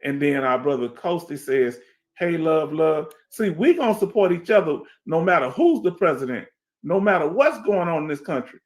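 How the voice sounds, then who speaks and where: A man's voice: fairly high pitch, sing-song, moderate pace. A middle-aged veteran man with a Houston accent, hosting a casual livestream, reading chat and talking emphatically with lots of repetition. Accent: Houston Black American English. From Houston, Texas. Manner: streetwise, emphatic, repeats himself, asks "you understand?". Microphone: headset.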